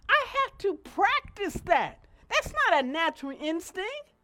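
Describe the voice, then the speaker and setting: Middle-aged woman preacher, high and very animated, chatty sermon delivery. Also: measured pace, few pauses, a little hiss or hum. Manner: lively, conversational, swings between loud and soft.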